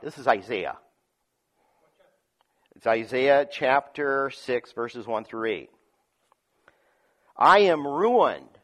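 A pastor preaches a sermon in a medium-pitched voice, reading scripture aloud and explaining it. He shifts between loud, emphatic lines and quiet asides, chuckling often.

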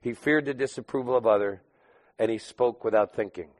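A man preaching a sermon in a conversational way, rising to loud emphatic bursts and dropping to quiet asides. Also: medium pitch, brisk. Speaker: pastor.

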